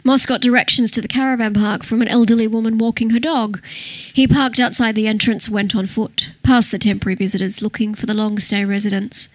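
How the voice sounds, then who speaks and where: A woman's voice: on the high side, steady tone, brisk, few pauses, dry recording. Woman narrating an audiobook, dry close voice. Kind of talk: scripted narration.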